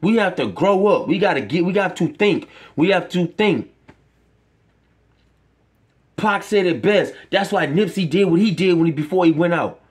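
A man's voice: high voice, expressive, normal speed, slightly rough. Impassioned ranting man. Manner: impassioned, profane, preachy ranting. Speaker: vlogger. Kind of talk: emotional monologue to camera.

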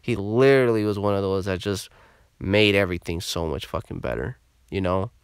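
A man's voice: low voice, a little fast, clear, resonant tone, dry recording. Swearing young man telling a story, dry mic. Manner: swearing, animated, laughing through the telling. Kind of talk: casual storytelling vlog.

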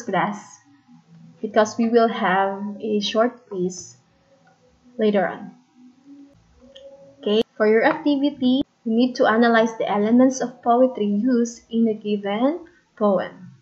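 A woman teacher giving a video lesson, speaking deliberately and drilling terms and rhythms for her class. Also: on the high side, darkish tone. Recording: dull lo-fi audio.

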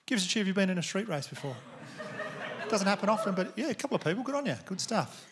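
An Australian stand-up comedian with a high-pitched, sing-song male voice talks fast, telling crude, conversational stories to a live crowd on a comedy venue stage. The recording carries audience noise and laughter.

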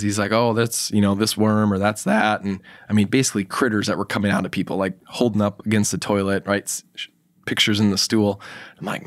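A man's voice: lowish voice, fairly even intonation, fast, no room sound, clean studio sound. A man speaking as a guest health expert in a podcast interview, telling a personal story in a casual way and acting out the quoted dialogue. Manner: casual, acts out quoted dialogue in his anecdotes; fillers and restarts, emphatic.

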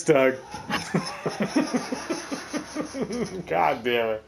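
Guy cursing and cackling while he plays, slow drawl, pitch jumps all over, game noise behind. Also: expressive. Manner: profane, laughing, trash-talking. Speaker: gameplay commentator. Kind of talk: casual gameplay commentary.

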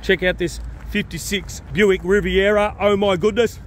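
An excitable Australian man vlogging his way around an outdoor car show, talking to the camera and to owners. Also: sits high, moderate pace, a little hiss or hum. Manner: excitable, keeps asking people if they are excited. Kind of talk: energetic walkaround vlog.

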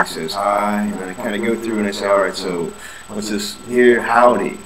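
A man's voice: lowish voice, steady tone, moderate pace, reverberant, over a noisy crowd, low-quality recording. A man, an English teacher, casually walking through a lesson plan and repeating vowel sounds as a drill.

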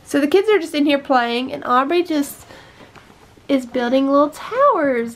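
A woman's voice: high-pitched, animated, normal speed. A young woman in her twenties chatting casually in a home vlog, upbeat and rambling. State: out of breath. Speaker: vlogger.

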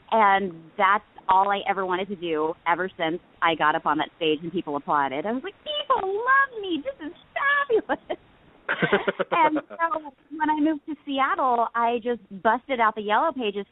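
A woman in her thirties, a guest actress calling in to a casual interview and telling stories with frequent laughter. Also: fairly high pitch. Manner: bubbly storyteller, laughs often. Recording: phone line.

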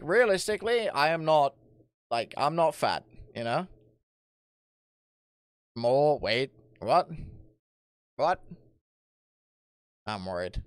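Animated young male streamer, swearing and laughing. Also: medium pitch, dry recording. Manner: jokey, self-mocking, swears a lot, bursts into loud laughs. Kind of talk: casual live-stream chat, reading chat aloud.

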